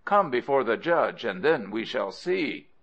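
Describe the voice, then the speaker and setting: A man's voice: medium pitch, sing-song, unhurried, a bit bright, full character voice. A man voicing a dishonest male villager who pleads, lies and then cries out in indignation. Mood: indignant. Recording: dull lo-fi audio.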